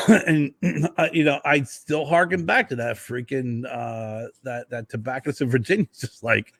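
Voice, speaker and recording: A man co-hosting a casual podcast, telling animated stories and peppering his speech with mild swearing. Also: medium pitch, moderate pace, hardly any pauses, dry recording. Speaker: podcast co-host. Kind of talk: casual chat.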